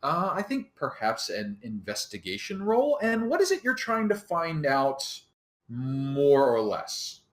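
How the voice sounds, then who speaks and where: A man runs a tabletop game as its dungeon master, drawing out his words slowly. His pitch swings widely as he narrates, relaxed and rambling. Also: echoey room. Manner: relaxed, rambling, laughs often.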